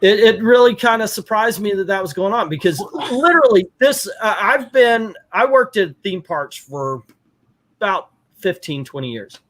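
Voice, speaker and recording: Animated middle-aged man telling a story. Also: high-pitched, normal speed. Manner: animated storyteller, acts out quotes. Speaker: podcast host. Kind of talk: casual chat.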